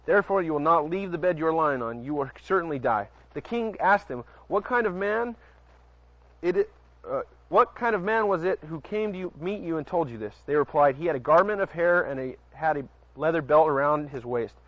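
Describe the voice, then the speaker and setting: A man's voice: a little high, expressive, brisk, no echo. A man preaching casually, reading Bible passages aloud, often stumbling over words and adding chatty asides to his listeners. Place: outdoors at night near a porch. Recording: dull lo-fi recording.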